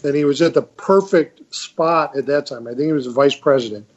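Older male panelist on a muffled remote line, measured and halting, lots of "uh.". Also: on the high side. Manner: measured, hesitant, many fillers. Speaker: retired Marine colonel, panelist. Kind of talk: casual panel discussion.

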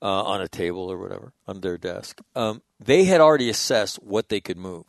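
A middle-aged man and Marine veteran, telling stories in a blunt, profane, animated way in a casual interview. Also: sits low, brisk, gravelly, dry recording, studio quality.

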